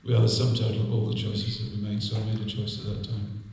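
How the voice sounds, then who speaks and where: A man's voice: on the low side, level tone, fast, darkish tone, slight background noise. An older man giving a humorous, anecdotal sermon as a temple class speaker. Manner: humorous storytelling, chuckles often. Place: temple hall. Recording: echoey hall, distant mic.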